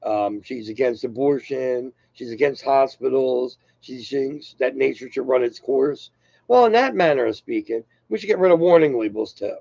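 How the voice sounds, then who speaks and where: The voice is medium-pitched, creaky, and a little mellow at a moderate pace: an older man on his own channel, rambling casually in a loose, self-deprecating, unscripted monologue. The dull lo-fi recording has no echo.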